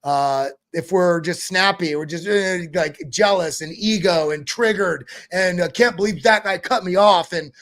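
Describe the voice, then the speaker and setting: A man's voice: high voice, a little slow, hardly any pauses, a bit bright. A man hosting a crypto show, giving a casual motivational talk that rambles and often repeats words.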